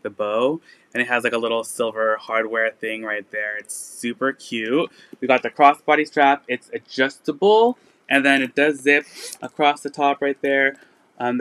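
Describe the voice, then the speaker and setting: A man hosting a live resale stream, chatting casually and filling pauses with "like" and "um" while he shows items. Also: mid-range voice, bright, forceful tone, no echo. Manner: chatty, lots of "like" and "um" fillers. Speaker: online resale seller.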